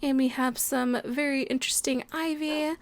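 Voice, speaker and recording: A woman's voice: high voice, steady tone, normal speed, a little hiss or hum. A young woman hosting a Minecraft let's play, chatting casually and gushing with delight, with frequent gasps and laughs. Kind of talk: casual gameplay commentary.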